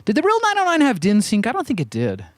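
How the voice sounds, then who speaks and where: A man's voice: very high voice, wildly swooping pitch, fast, no echo. A man hosting a synth video, chatting casually and playfully while he jams, laughing at himself often. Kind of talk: casual chat over live synth jamming.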